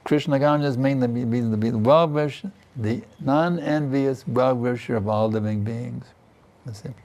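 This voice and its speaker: Speaking in a slightly mellow, mid-range voice, an older man teaches scripture in a Vrindavan temple. His class has a chatty feel, peppered with "isn't it" and "you see."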